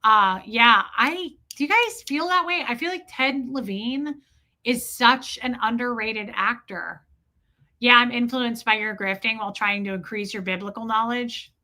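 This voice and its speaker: A woman hosts a casual livestream, talking loosely to her viewers and reading their names and comments aloud. Her voice sits a little high with a bright, forward edge. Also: measured pace. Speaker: livestream host. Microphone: streaming setup mic.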